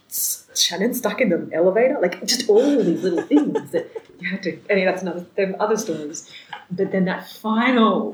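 Animated woman telling a story, roomy echo. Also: lowish voice. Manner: animated, laughing often, acting out quoted voices. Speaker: storyteller in a conversation. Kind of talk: casual storytelling chat. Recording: roomy echoey recording.

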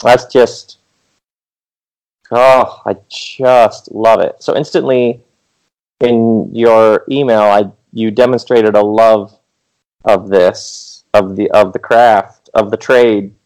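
A man's voice: fairly low pitch, steady tone, takes it slowly, a little mellow, poor audio. A man as a podcast guest, riffing emphatically in casual storytelling and often asking "you know what I mean?". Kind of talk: animated conversational storytelling.

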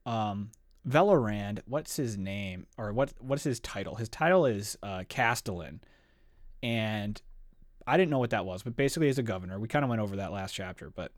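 A man's voice: on the low side, animated, normal speed, no room sound, clean studio sound. A man retelling a fantasy novel in casual podcast chat, rambling with fillers. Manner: rambling summary with fillers and laughs.

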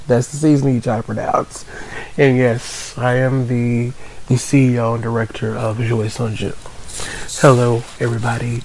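A man's voice: medium pitch, flat delivery, normal speed, a little mellow, poor audio. A man appearing as a podcast guest, teasing and correcting the host in casual chat.

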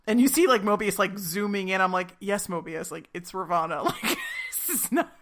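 Bright, chatty woman recapping a show. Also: medium pitch, expressive, a little fast. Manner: chatty, retells scenes in playful quoted voices. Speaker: podcast co-host recapping a TV episode. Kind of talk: casual recap chat.

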